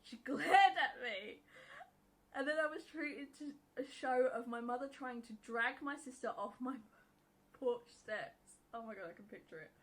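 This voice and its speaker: A woman's voice: fairly high pitch, normal speed, fairly bright tone, rough recording. A woman reading a Reddit post aloud and reacting to it bluntly, with frequent swearing and laughter. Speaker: YouTube reaction creator.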